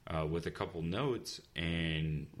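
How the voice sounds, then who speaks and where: A man's voice: low voice, slow pace. A man, a comic book writer, chatting casually and telling stories in an easygoing way. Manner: easygoing, storytelling with acted quotes. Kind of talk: casual podcast chat.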